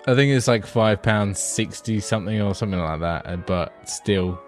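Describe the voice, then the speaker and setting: A man's voice: on the low side, normal speed, hardly any pauses, faint music behind. A man co-hosting a casual gaming podcast, laid-back and easily amused, with casual swearing. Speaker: podcast co-host. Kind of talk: casual gaming news chat.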